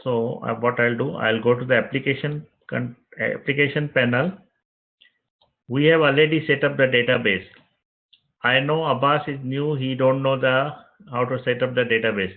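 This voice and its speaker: A man teaching web development, narrating each click of a screen-recorded software tutorial step by step and repeating phrases as he goes. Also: mid-range voice, steady tone, moderate pace. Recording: tinny phone-like audio.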